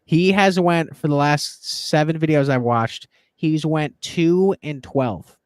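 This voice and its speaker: An excitable man hosting a sports betting chat. He rambles and swears while he pushes his picks. His voice sits fairly high and sounds dry and close. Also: takes it slowly, clear, resonant tone, no echo. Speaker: podcast host and betting tipster.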